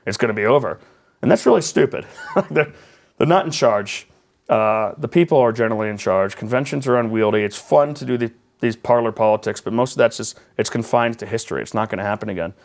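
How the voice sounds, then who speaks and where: The political journalist here speaks briskly in a creaky, mid-range voice. He's an animated, rambling interview guest given to sarcastic asides.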